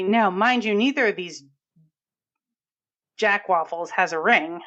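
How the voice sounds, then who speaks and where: A woman co-hosting a film podcast in casual chat, animated and acting out movie lines. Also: mid-range voice, unhurried, long pauses, lo-fi sound. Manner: animated, acts out movie lines in character voices. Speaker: podcast co-host.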